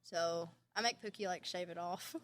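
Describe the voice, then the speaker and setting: A young adult woman hosting a podcast, playful and quick to giggle in casual chat. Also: on the low side. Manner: giggly, laughs often, playful. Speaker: podcast host.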